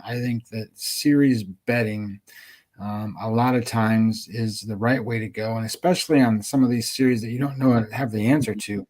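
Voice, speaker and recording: A man's voice: mid-range voice, darkish tone. A man co-hosting a sports betting show, chatting casually and rambling with many ums and restarts.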